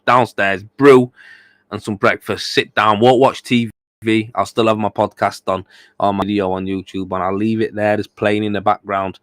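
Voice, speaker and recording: Tired, rambling man, low and dry. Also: dry recording. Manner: blunt, swears freely, rambling with repeated fillers. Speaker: podcast host. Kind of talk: casual livestream chat.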